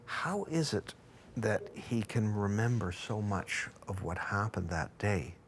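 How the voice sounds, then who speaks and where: Male interviewer, low voice, probing questions, faint rumble behind. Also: animated, slow pace.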